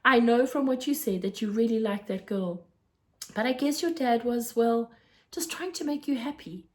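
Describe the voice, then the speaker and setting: A woman reading aloud, voicing a kindly, fussy middle-aged male newsagent who talks in a gentle, fatherly, earnest way. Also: on the high side, moderate pace, natural voice. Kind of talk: storybook read-aloud.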